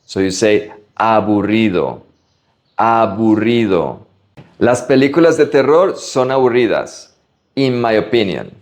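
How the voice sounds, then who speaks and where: A man from Latin America teaching Spanish vocabulary, slowly drilling pronunciation word by word. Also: fairly low pitch, big pitch swings, a little mellow. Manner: slow, careful pronunciation drills. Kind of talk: vocabulary lesson.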